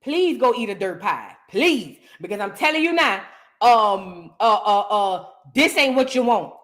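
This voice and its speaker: A woman's voice: medium pitch, expressive, unhurried, fairly bright tone. An American woman hosting a reaction show, giving heated commentary on viewer comments and repeating her lines for emphasis. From United States.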